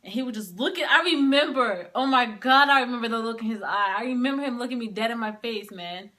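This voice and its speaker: A woman's voice: a little high, fairly quick, sharp tone. A young woman casually telling a personal story to camera, filling her talk with "like" as she relives it. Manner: casual, heavy use of "like", emotional retelling.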